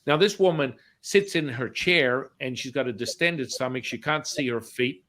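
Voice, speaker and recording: Middle-aged man, show host, animated anecdote, acts out voices, casual swearing. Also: mid-range voice, moderate pace.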